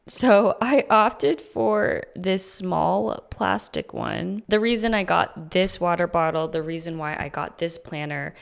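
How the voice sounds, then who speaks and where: A woman's voice: sits low, vocal fry, smooth. A young mother in a groggy morning voice, chatting casually about planning as a vlogger. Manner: rambling, chatty, with fillers. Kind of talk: casual chat.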